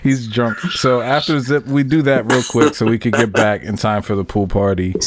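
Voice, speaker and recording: In a noisy recording, a man co-hosts a podcast with a mid-range voice, fairly even intonation, and a moderate pace. He chats casually in a laid-back, rambling way and laughs often.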